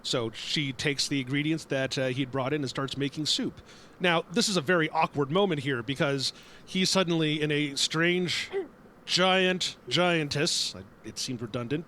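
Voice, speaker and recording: A man's voice: a little high, very animated, normal speed, sharp tone, slight background noise. A man improvising a story for friends on a call, often laughing and correcting himself. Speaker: player telling the story.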